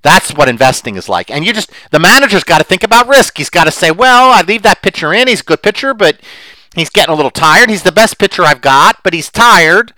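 Animated, emphatic podcast host, bright voice. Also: male voice, high voice, fairly quick, dry recording, rough recording. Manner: animated and emphatic, gets worked up; rambling with restarts and asides. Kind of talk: opinionated solo podcast monologue.

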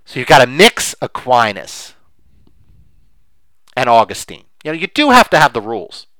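Impassioned man with a lively voice. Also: medium pitch, moderate pace, no room sound, poor audio. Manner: impassioned, emphatic, with many restarts. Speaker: podcast host. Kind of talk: opinionated podcast talk.

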